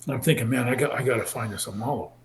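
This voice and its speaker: A man in his sixties from California, a former football player telling his story in an animated way and acting out the people he quotes. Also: medium pitch, very fast. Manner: animated, acts out quoted voices. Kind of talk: casual storytelling interview. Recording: roomy echo.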